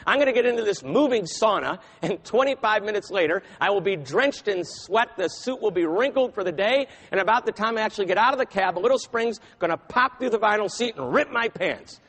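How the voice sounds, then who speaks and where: A man giving a keynote speech, telling a story in a dramatic, animated way. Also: high-pitched, brisk, few pauses, in a large hall. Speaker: keynote speaker.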